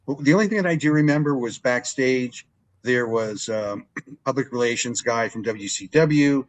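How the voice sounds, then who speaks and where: A man's voice: mid-range voice, moderate pace. An older man, a wrestling ring announcer, telling stories as an interview guest and acting out remembered dialogue. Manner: animated storyteller who acts out remembered dialogue. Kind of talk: casual interview storytelling.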